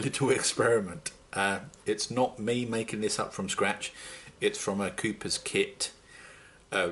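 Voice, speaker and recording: A man's voice: fairly low pitch, a bit bright. A man hosting a home brewing video, talking viewers through the steps in a jokey, chatty way. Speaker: homebrew video host. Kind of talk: casual how-to narration. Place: home conservatory.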